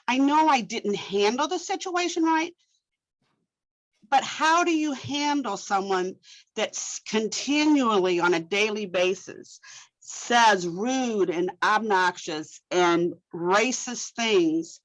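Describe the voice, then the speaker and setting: A woman at a medium pitch tells a frustrating story from her library over a video call. She is animated and exasperated, trips over restarts and repeated words, and leaps into a higher voice to act out what others said. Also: unhurried, poor audio. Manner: animated, exasperated storytelling that acts out quoted speech. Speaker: library director. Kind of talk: telling a story in a webinar discussion.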